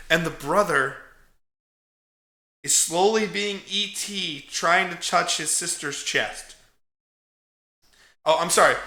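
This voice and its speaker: A man recapping a horror movie on a podcast, in a casual, animated, profane way, laughing often. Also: on the high side, roomy sound. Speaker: podcast co-host.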